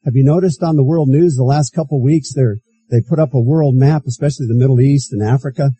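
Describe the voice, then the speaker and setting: A man's voice: medium pitch, fast, mellow, husky, poor audio. A man preaching a sermon as pastor, reading scripture aloud and repeating key phrases for emphasis.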